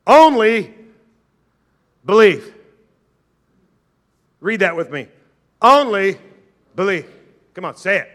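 A man preaches a fervent sermon in a high, bright voice. He calls on his listeners to say lines back to him. He plays their doubts in a lower tone before answering them. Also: animated, moderate pace, pauses often. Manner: acts out doubters' objections in a lower, quieter voice. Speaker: pastor.

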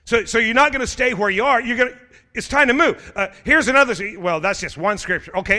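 A middle-aged male pastor delivers a sermon in a high-pitched, bright, forceful voice. Animated and brisk, he presses his listeners with urgent calls and climbs toward shouted exhortations.

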